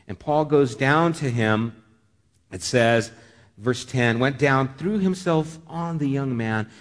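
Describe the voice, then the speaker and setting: A man preaching a sermon, telling a story with lively shifts, often dropping to a hushed voice. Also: medium pitch. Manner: animated storytelling, dropping to a hush. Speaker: pastor. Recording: long hall reverb.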